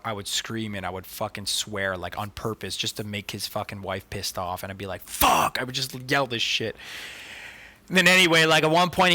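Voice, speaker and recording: Bright and forceful with a fairly low pitch, this man co-hosts a podcast and spins stories in relaxed conversation. His telling is profane and padded with "like" and "dude."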